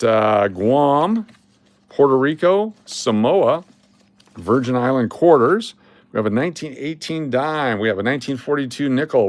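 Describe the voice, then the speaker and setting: Guy running a coin livestream, sarcastic and blunt, middle pitch, dry sound. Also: no room sound. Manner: blunt, sarcastic, swears casually. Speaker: livestream host. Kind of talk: casual livestream chat.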